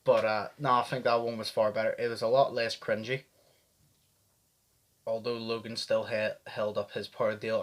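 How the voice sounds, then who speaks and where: A young man from the UK giving a casual, excitable reaction commentary full of swearing. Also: lowish voice. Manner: animated, heavy swearing, fired up. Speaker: vlogger reacting to press conferences.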